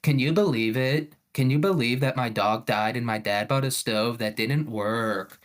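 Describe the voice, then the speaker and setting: A deadpan viral-video narrator voice, as a man puts it on for a laugh. It sits lower and quieter than his usual talk, with a flat, announcer-like delivery. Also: normal speed, close to an everyday voice. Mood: mock-deadpan.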